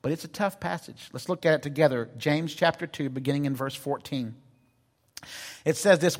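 A male pastor delivers a sermon, moving from a humorous personal story into scripture reading. His voice sits a little on the high side. The sound rings with the long reverb of a large church hall. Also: normal speed. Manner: storytelling, self-deprecating humor. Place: church sanctuary.

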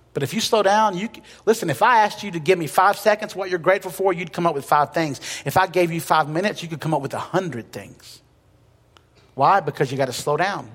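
A male pastor preaching a sermon in a conversational way, with light humor and emphatic repetition. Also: a little high. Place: church sanctuary. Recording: long reverb of a church hall.

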